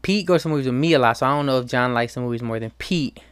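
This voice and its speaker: A man's voice: medium pitch, rapid-fire, fairly bright tone, smooth, dry recording. A young man hosting his own show, talking casually in a slangy, profane, ranting way. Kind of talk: casual monologue.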